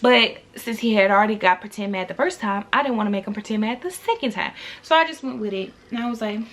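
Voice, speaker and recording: A young woman telling a storytime to her viewers in a casual, animated, exasperated way. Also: mid-range voice, quick pace. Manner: animated, talks to viewers directly; exasperated, incredulous. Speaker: vlogger.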